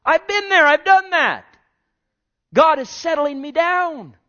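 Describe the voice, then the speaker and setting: Male preacher, sermon delivery, fervent, big loud-to-hushed swings, very lively pitch, muffled lo-fi recording. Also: slow pace.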